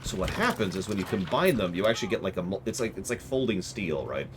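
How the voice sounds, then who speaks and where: A man's voice: deep voice, big pitch swings, fast talker, noisy background. A man streaming a video game, rambling and joking about game lore in casual chat.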